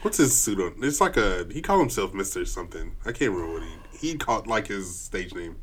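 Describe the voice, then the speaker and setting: A man co-hosting a casual movie review chat, chiming in with quick agreement and laughter. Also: low-pitched, animated, fairly bright tone. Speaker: podcast co-host.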